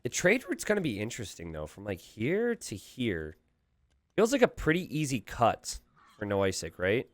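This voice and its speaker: A man casts a live strategy game from his home streaming setup, talking through each play as it unfolds. His pitch swings widely and he breaks off for quick asides to his chat. The close desk mic keeps the sound dry and free of room echo. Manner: animated, thinking aloud, quick asides to chat. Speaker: game caster.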